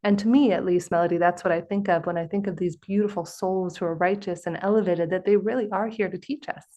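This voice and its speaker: A woman hosting a conversational podcast with a slightly low voice. She tells stories in an animated way, acting out the people she quotes. Her tone stays chatty and engaged. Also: quick pace. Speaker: podcast host. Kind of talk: conversational interview.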